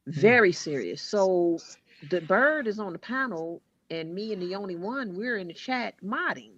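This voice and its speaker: A woman co-hosting an online stream, telling a long story in a blunt, animated way, swearing freely and repeating her words as she goes. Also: medium pitch, normal speed, no room sound, muffled recording. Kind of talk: casual chat.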